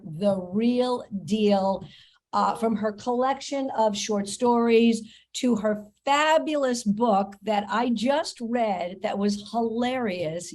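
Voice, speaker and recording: A woman hosting a comedy podcast, chatting and reading ads with quick, self-mocking asides. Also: a little high, a little mellow. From New York, USA. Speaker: podcast host. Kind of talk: casual podcast chat and host-read ads.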